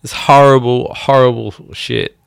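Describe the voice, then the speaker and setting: In a smooth, mid-range voice with vocal fry and fairly even intonation, a podcast host rants angrily. He's a musician from outside the U.S., speaking bluntly with lots of swearing and sighing pauses. The sound is dry and studio-clean.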